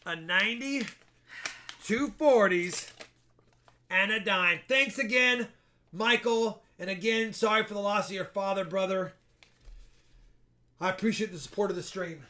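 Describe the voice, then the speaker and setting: Male live-stream host, very high and bright-voiced, chatty and jokey. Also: unhurried, pauses often. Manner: chatty and joking, thanks donors. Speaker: livestream host. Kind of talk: casual live-stream chat.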